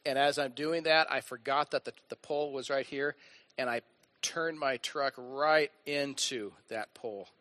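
A middle-aged male pastor preaching a sermon in an animated, emphatic way, with rising bursts. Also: medium pitch, a little slow, dry recording.

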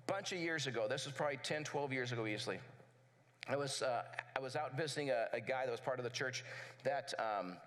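Male pastor, sermon, high bright voice, lively storyteller. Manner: animated storytelling, conversational.

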